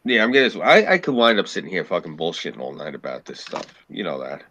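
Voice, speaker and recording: A man's voice: deep voice, big pitch swings, quick pace, pushed and bright. A man telling long, rambling stories in a casual group chat, swearing freely. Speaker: podcast co-host.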